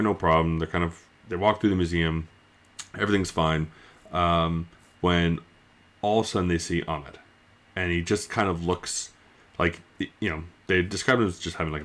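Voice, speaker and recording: A man with a very low, deep voice recaps a book's plot in an easygoing, unscripted review. He rambles, circles back and fills the pauses with plenty of "um" and "like.". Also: fairly bright tone. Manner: rambling, loose, with frequent fillers. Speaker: book reviewer. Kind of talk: casual spoken book review.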